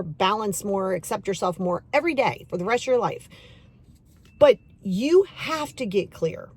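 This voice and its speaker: A middle-aged woman hosting a podcast and giving a motivational self-help talk, emphatic and repetitive, coaxing the listener directly and acting out inner voices in quick asides. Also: medium pitch, a little mellow, slightly rough, no room sound. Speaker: podcast host and self-love coach.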